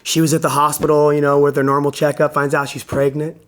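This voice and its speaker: A man on a podcast telling a personal story in a casual, animated way. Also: a little high, fast talker, a little hiss or hum.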